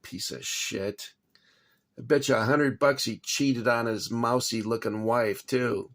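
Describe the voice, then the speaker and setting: A man's voice: mid-range voice, steady tone, unhurried, fairly bright tone. A man vlogging from his kitchen about collecting toy soldiers, rambling and agitated, swearing and then apologizing. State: shaking after anger. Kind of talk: casual rambling vlog. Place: home kitchen.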